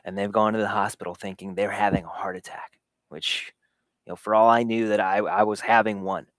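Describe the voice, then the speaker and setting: A man's voice: fairly low pitch, level tone, fairly quick, a bit bright, dry recording, studio quality. Candid man telling a personal story. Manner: candid, self-deprecating, laughs often; recounts sensations in vivid detail. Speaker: host of a live show for dads. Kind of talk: personal storytelling to a live audience. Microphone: camera setup in a home recording space.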